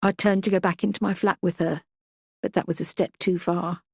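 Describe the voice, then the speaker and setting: A woman narrating a first-person audiobook in a measured, reflective way. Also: fairly low pitch, steady tone, gravelly, breathy edge, no room sound, clean studio sound.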